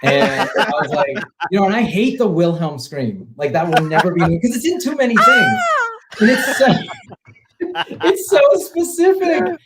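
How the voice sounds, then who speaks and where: A man guesting on a podcast, telling stories in an animated way, laughing mid-sentence and acting out quotes. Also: high-pitched, measured pace, a loud crowd. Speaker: podcast guest, independent filmmaker. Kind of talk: casual podcast chat.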